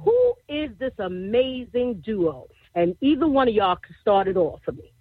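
A woman's voice: on the high side, very animated, moderate pace, noisy background. Exuberant woman hosting a gospel radio show. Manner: exuberant, laughing, repeats "I tell you". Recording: tinny phone-line sound, dry.

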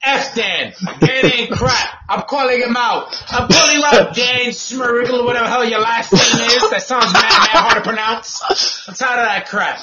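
A man co-hosting a podcast outdoors on a patio, talking loudly with profane, laughing banter. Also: very high voice, moderate pace, muffled recording, a loud crowd. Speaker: podcast co-host. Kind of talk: casual chat.

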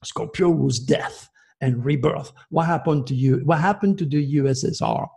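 Gravelly man, rambling astrologer. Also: fairly high pitch, moderate pace, darkish tone. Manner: emphatic, digressive explaining. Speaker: astrologer guest. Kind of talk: rambling radio interview talk.

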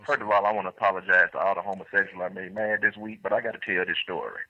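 A caller to a talk show tells a rambling story with restarts and bursts of laughter, speaking very fast in a low-pitched, sharp, flat voice. There is no room sound, but the phone line is dull and lo-fi.

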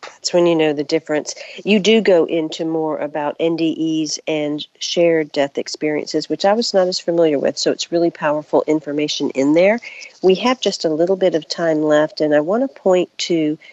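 A woman hosting an interview in a measured, reflective tone. Her voice is very low for a woman. The sound is dry and a bit dull. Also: darkish tone, dry recording. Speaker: interview host. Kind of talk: podcast interview.

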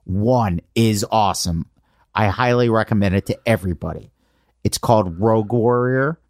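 A man's voice: fairly low pitch, moderate pace, a little mellow, dry recording, studio quality. A man in his forties, a podcast host, chatting casually and telling stories with enthusiasm. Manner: enthusiastic storytelling. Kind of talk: casual chat.

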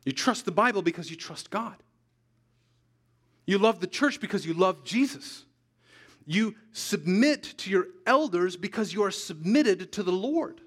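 Emphatic preacher man with lively pitch. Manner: emphatic, repeats key lines slowly for weight. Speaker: pastor. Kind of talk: sermon. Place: church sanctuary.

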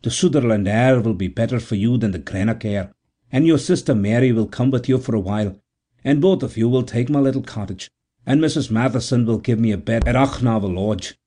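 A man voicing a big, earnest young man from a storybook, speaking gravely and tenderly. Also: medium pitch, a little fast, warm tone, close to an everyday voice.

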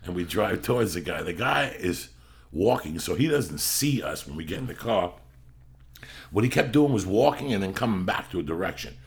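Brief: middle-aged podcast host, low and gravelly, loose and profane. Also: male voice, very animated, normal speed. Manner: profane, rambling, bursts into yelling when acting out quotes. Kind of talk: casual storytelling chat.

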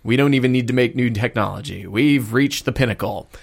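A man's voice: medium pitch, brisk, gravelly. A man voicing a smug, pompous villainous governor in a put-on British accent, as part of an improvised comic story. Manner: pompous, shrieks when thwarted.

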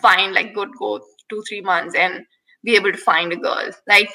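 A woman's voice: mid-range voice, steady tone, moderate pace, sharp tone, low-quality recording. A woman co-hosting a casual chat, candid and rambling, laughing often.

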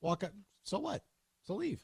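A male sports talk host with a lively, up-and-down delivery and a faintly husky edge. He riffs and jokes in an opinionated, rapid-fire way, recorded close and dry. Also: high-pitched, no echo.

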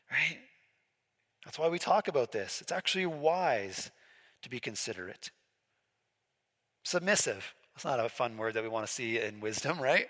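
Bright-voiced male pastor in a hall. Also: mid-range voice. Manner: conversational, asks the congregation questions. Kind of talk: sermon. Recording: echoey hall with long reverb.

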